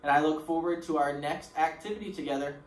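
A man teaching a recorded lesson to preschoolers in an encouraging voice. He speaks slowly and leaves pauses for the children to answer. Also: fairly high pitch. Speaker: pre-K teacher. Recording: roomy echo with faint background noise.

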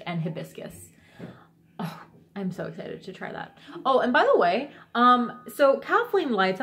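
A woman's voice: mid-range voice, fairly bright tone, slight background noise. A woman vlogging in a casual, rambling way, enthusiastic and full of fillers and restarts. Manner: rambling and enthusiastic, many fillers and self-corrections. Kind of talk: casual chat vlog.

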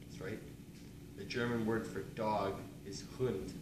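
Low-voiced young man teaching, far from mic. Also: flat delivery. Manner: halting, lots of ums, quick bursts. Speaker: student presenter. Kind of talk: casual instruction. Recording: echoey room, distant mic, noise.

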